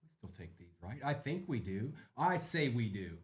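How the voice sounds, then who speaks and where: Host, male, animated casual delivery with lots of rise and fall, live card-break commentary. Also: medium pitch, normal speed. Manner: lively, chatty, rattling off names.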